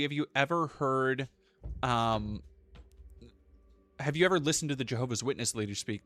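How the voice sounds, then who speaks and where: A man's voice: mid-range voice, sharp tone. A man streaming casually, rambling and swearing as he reads chat aloud.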